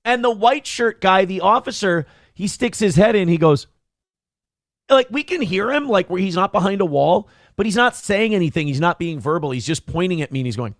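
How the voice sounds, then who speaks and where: A man hosting a podcast, telling a story in casual, animated chat and slipping into other people's voices when he quotes them. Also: sits high, fairly quick, no echo, clean studio sound.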